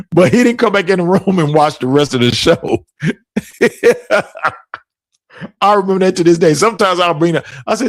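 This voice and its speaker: Middle-aged man, podcast host, casual storytelling, laughs often, pitch swinging all over, dry sound. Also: moderate pace, no room sound. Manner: animated, laughs often while telling stories.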